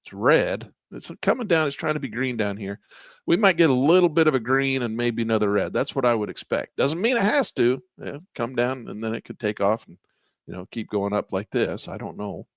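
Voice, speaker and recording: A man's voice: medium pitch, lively intonation, a little fast, no echo, clean studio sound. A man teaching a live online trading class in a casual, folksy way while pointing at charts. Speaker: trading instructor.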